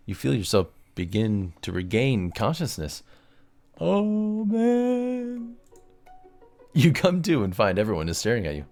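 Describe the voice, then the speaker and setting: A man with a low voice narrating a visual novel let's play, reading the game text aloud with lots of animation. His delivery is casual and joking, full of quick asides. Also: big pitch swings, faint music behind.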